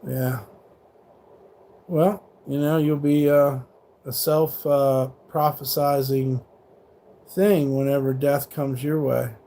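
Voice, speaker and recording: A man's voice: medium pitch, little pitch movement, takes it slowly, pauses often, dark tone. A middle-aged man livestreaming from a truck stop, talking casually and swearing as he taunts trolls in the chat. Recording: faint background noise.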